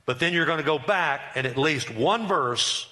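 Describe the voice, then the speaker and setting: Middle-aged male pastor, bright voice, emphatic repetitive sermon delivery. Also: fairly high pitch, lively intonation, normal speed. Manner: emphatic, repetitive preaching with rising bursts.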